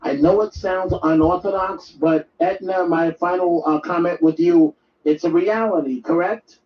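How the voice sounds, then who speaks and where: A man's voice: high-pitched, fairly even intonation, normal speed, slight background noise. A male host of a live call-in show, speaking in an earnest, reflective way to his callers. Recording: roomy distant dull mic.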